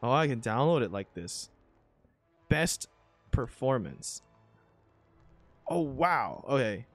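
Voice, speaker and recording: Man, gamer, casual commentary, excitable, slow talker, dry close sound, faint music behind. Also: mid-range voice, no room sound. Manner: excitable, swings from grumbling to thrilled. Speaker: gamer commentating his own play.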